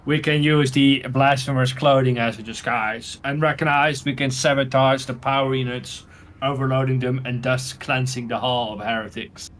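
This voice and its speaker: A man's voice: mid-range voice, steady tone, normal speed, fairly bright tone, slight background noise, close to an everyday voice. A man reading the formal lines of a stiff male machine-priest ally in a video game, clipped and precise.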